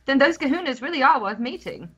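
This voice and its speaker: A woman's voice: high-pitched, expressive, quick pace, dull audio. Woman reading a fussing, caring mom. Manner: gentle, reading game text. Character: caring mother, woman, middle-aged, fussing.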